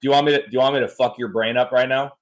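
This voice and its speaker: A man hosting a podcast in casual chat, joking and animated as he tells stories. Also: mid-range voice, racing. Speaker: podcast host.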